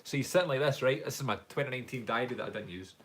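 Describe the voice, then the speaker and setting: A man's voice: medium pitch, racing, fairly bright tone, a little hiss or hum. Chatty Glaswegian man on a live stream. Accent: Glaswegian Scottish. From Scotland. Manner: chatty, rambling storyteller who laughs often. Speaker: YouTuber and actor.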